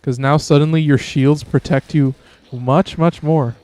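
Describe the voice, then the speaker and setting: A man hosting a game stream, chatting in a laid-back way with bursts of excitement. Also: fairly high pitch, measured pace. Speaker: streamer host. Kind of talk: gameplay commentary.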